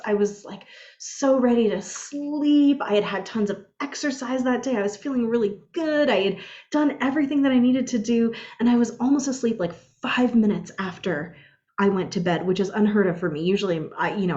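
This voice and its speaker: A woman giving a spiritual guide's casual energy update, telling personal stories in an animated way. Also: mid-range voice, muffled recording. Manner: animated storyteller, acts out her own quotes.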